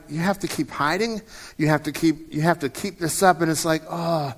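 Middle-aged man in his fifties with a raised pitch, preaching conversationally with repeated words, recorded with a long hall echo. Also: normal speed. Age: 50s. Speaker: pastor. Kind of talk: sermon.

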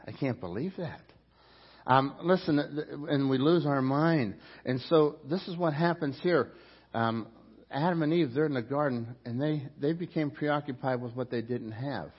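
A middle-aged man delivering a sermon in an easygoing, conversational way, often stopping to ask his listeners questions and repeating himself as he goes. His voice sits in a middle pitch, and the recording sounds slightly dull and muffled. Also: breathy edge. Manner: conversational preaching with rhetorical questions and repetitions. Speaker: pastor.

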